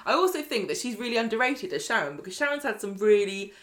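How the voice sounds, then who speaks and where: A woman's voice: mid-range voice, quick pace. A tired woman losing her voice, casually recapping soap scenes as a podcast co-host and acting out the characters' lines. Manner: animated, acts out characters' lines. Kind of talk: casual chat, retelling scenes.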